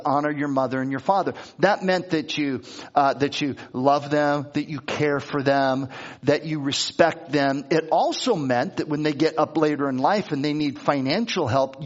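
A man's voice: fairly high pitch, dull audio. Man preaching a conversational sermon. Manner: conversational, repeats and restarts words. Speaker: pastor.

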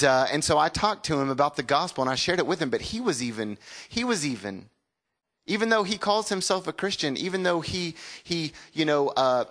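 A man's voice: fairly high pitch, a bit bright. Pastor in his forties preaching. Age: 40s. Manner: conversational storytelling with call-and-response. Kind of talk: sermon.

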